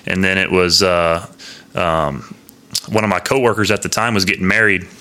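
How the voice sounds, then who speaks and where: Low, bright-toned male coach guest. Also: moderate pace. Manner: relaxed storytelling with fillers. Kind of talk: casual interview chat.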